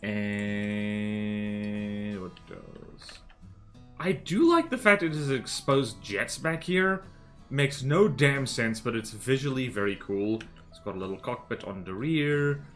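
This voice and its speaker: A man's voice: medium pitch, sing-song, unhurried, fairly bright tone, soft background music. A man from the American South giving rambling, casual live-stream commentary on a game, full of fillers and restarts. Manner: rambling, many fillers and self-corrections.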